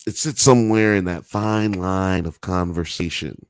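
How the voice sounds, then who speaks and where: A man with a lowish voice hosts a live podcast in a loose, unhurried way. He reads chat comments aloud, rambles, swears freely and laughs often, with a dry, close sound. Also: smooth, no room sound. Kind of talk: casual live-stream chat.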